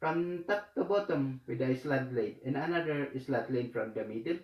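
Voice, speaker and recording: A man teaching a language lesson in a slow, halting way, with many fillers and repeated words. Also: medium pitch, lo-fi sound. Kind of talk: slow hesitant tutorial explanation. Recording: echoey room.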